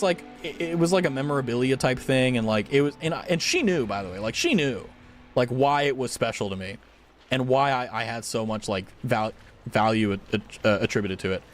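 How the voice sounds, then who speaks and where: A young man streaming as a VTuber, chatting casually with viewers and telling a rambling, profane story. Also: medium pitch.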